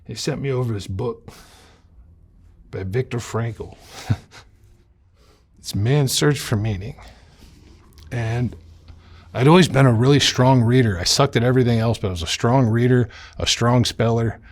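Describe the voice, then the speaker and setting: Husky man telling a blunt story. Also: mid-range voice, measured pace, long pauses. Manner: blunt, profane, candid storytelling. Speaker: interview guest. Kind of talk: personal life story in a sit-down interview.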